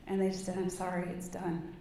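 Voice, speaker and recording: A woman's voice: fairly low pitch, level tone, a little fast, mellow, a little hiss or hum. A woman giving a keynote speech, telling a personal story with earnest, rising passion. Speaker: keynote speaker. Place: large conference hall. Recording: echoey hall, distant mic, faint ambience.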